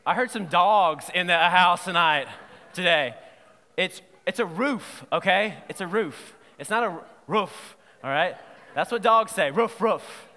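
A man preaching a sermon in a playful, lively way, quizzing his audience as he goes. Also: high-pitched, measured pace, in a large hall. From Southern United States. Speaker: pastor.

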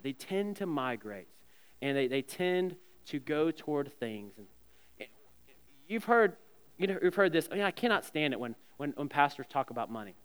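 Earnest pastor with a smooth, resonant voice. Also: male voice, mid-range voice. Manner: earnest, stammers with repeated words. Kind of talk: sermon. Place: church sanctuary. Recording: long reverb of a church hall.

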